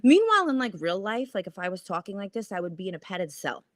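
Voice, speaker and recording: Medium-pitched and moderately paced, a woman chats with viewers and reads their comments on a casual stock trading livestream. She curses, laughs, and pokes fun at herself in an animated way, with studio-quality audio and no echo.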